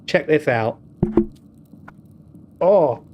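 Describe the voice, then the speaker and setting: A man's voice: on the high side, animated, drawn-out words, noisy background. A young British man streaming a game, talking in casual, joking, rambling commentary that mocks himself. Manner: joking, rambling, self-mocking.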